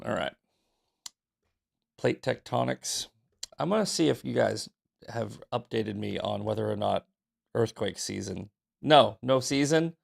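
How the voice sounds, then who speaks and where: Sarcastic guy riffing on the news, gravelly voice, swears a lot, just rolled out of bed. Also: lowish voice, lively intonation, a little slow, pauses often. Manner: sarcastic, profane, offhand. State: just woke up. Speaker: host. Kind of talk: casual news commentary.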